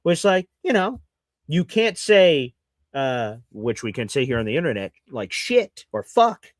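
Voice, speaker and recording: A man's voice: mid-range voice, very animated, unhurried, no echo, clean studio sound. A man hosting a live sports reaction show, ranting and sarcastic toward his audience. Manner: ranting and sarcastic, mocking fans in put-on voices.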